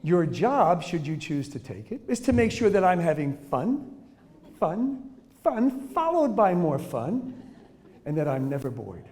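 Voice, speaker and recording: A man voicing a bossy newborn who lays down the law in slow, mock-stern decrees. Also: on the high side, sing-song, darkish tone, big-room sound.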